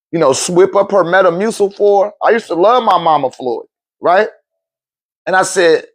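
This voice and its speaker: A high-voiced man tells a personal story at a live talk, loose and profane, acting out other people's voices as he goes.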